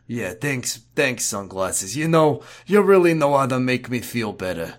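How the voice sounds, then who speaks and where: A man voicing a big, dim, sad muscleman sidekick, talking slowly and haltingly in a comedic podcast role-play. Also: medium pitch, big pitch swings. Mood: mopey. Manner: slow, mopey, halting.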